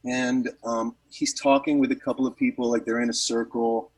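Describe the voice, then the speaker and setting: A man's voice: mid-range voice, flat delivery, normal speed, slightly rough, recorded from a distance, rough recording. A man, a musician, telling a rambling story in casual chat with lots of fillers and restarts.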